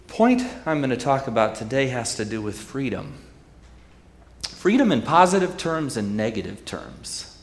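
A man's voice: mid-range voice, very animated, unhurried, echoey room, in a large hall. A man preaching a sermon in a conversational, wry way, retelling scripture stories. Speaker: pastor.

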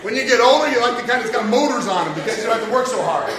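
A man's voice: very high voice, lively intonation, very fast, heavy background noise. A man telling a story to children in a playful way and asking them questions, heard from far off in an echoey hall. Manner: playful, asks the audience questions.

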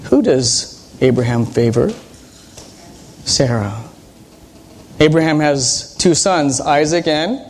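A man's voice: on the high side, darkish tone, slight background noise. A man, a pastor, preaching a sermon in a teacherly way, quizzing the congregation and retelling Bible stories with animation.

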